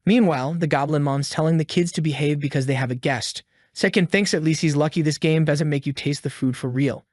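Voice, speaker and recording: A man's voice: a little high, brisk, dry recording, clean studio sound. A man narrating a story recap in a casual, slangy storytelling manner.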